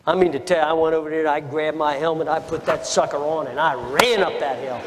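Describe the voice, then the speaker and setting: An older man, a former Marine officer, telling a combat story slowly and emphatically, with many repetitions. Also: fairly high pitch, in a large hall, slight background noise. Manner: slow, deliberate, emphatic retelling with repetitions. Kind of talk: oral history storytelling.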